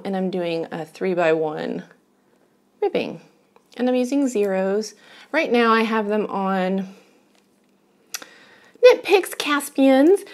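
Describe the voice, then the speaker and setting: Chatty woman with a lively voice. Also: mid-range voice. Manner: chatty, rambling, self-deprecating, laughs often. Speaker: knitting vlogger. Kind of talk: casual chat to camera. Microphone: camera she is filming herself with.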